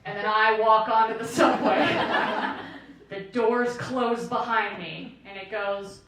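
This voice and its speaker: A woman in her late twenties performing a stand-up set, telling self-deprecating stories in an animated way. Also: mid-range voice, takes it slowly. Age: late 20s. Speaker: stand-up comedian. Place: comedy club stage with audience laughter. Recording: echoey room, distant mic, audible noise.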